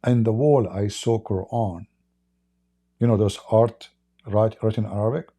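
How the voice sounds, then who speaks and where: A man hosting a livestream and telling a story in rapid, emphatic, non-native English. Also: on the low side, dark tone. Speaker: livestream host.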